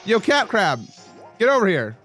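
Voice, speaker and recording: A man's voice: high-pitched, moderate pace, faint music behind. A young man casually commentating his gameplay, joking and yelping at sudden moments. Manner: excitable, joking, with sudden yelps. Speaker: let's play host.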